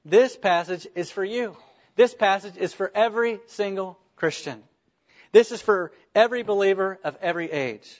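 A man's voice: sits high, moderate pace, highs cut off. A man preaching a sermon as a pastor, earnest, with rhetorical questions and small restarts.

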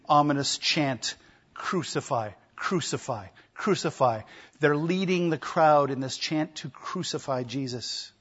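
A man delivers an emphatic sermon, driving points home with repetition and rhetorical questions. His voice sits a little high and carries a husky, breathy edge. The recording sounds dull and lo-fi. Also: a bit bright. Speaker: preacher.

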